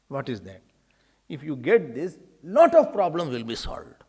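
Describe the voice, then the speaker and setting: A male spiritual teacher gives a spiritual discourse. He tells stories in a lively, humorous way and acts out dialogues. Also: mid-range voice, a little slow, breathy edge. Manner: animated storytelling, acting out dialogues with humor.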